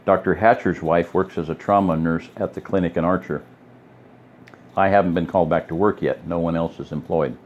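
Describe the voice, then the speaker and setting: A man's voice: low voice, fairly even intonation, brisk, lo-fi sound, a little hiss or hum, close to an everyday voice. A man voicing a wary, hesitant family man in an audiobook reading. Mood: plain.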